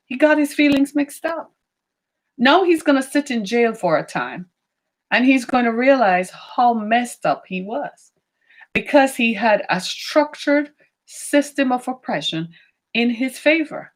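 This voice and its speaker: A woman giving opinionated commentary, emphatic, asking rhetorical questions and slowing down on key points. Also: a little high, lively intonation. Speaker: political commentator.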